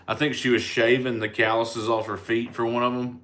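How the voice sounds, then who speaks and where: In a level, medium-pitched voice that's a bit bright, a Southern American comedian talks fairly quickly with few pauses. He casually answers fan comments during a live session, easygoing and prone to rambling.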